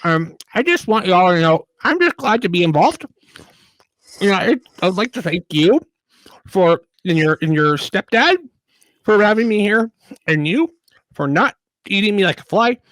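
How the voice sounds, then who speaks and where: A man voicing a chatty, peckish male halfling adventurer in a thin, high, helium-like voice, rambling politely in a tabletop role-play. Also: sing-song, measured pace, pauses often, a bit bright, no room sound, full character voice. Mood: rambling, grateful.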